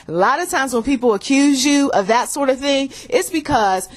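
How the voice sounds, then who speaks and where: Female host, conversational and animated, frequent laughter, acts out arguments; faith-based relationship talk. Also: high voice, normal speed, few pauses. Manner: laughs often, acts out both sides of arguments in lively voices. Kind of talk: casual spoken commentary with acted quotes.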